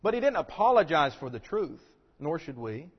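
A man preaching a sermon in a fairly high voice, pushing his points with loud rhetorical questions before sinking low and quiet. His voice carries a long reverb from the sanctuary. The recording sounds dull and muffled. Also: very animated, normal speed, breathy edge. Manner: emphatic, rising to loud rhetorical questions then dropping low. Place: church sanctuary.

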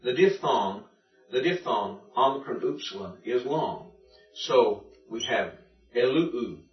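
Animated yet slow-paced, a medium-pitched male teacher patiently guides a class through Greek accent rules one step at a time. He's recorded from a distance in a dull, echoey classroom.

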